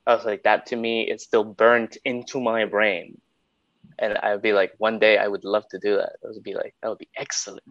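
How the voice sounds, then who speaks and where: Male teacher from Honduras, podcast co-host, animated chatter; dry, lo-fi audio. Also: on the low side, moderate pace, no echo. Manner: chatty, animated storyteller, says "like" a lot. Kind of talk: casual podcast chat.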